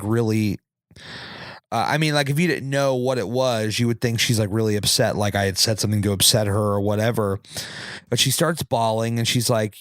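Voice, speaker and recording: A man's voice: medium pitch, no echo, studio quality. A man hosting a podcast, telling a story in a rambling, conversational way with fillers and asides to listeners. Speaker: podcast host. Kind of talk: casual storytelling monologue.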